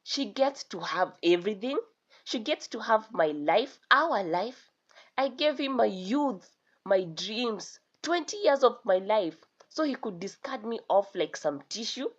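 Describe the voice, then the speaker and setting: A woman's voice: on the low side, lively intonation, moderate pace, muffled recording, close to an everyday voice. A woman doing a furious scorned wife. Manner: angry shouting. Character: scorned middle-aged wife, furious and vengeful.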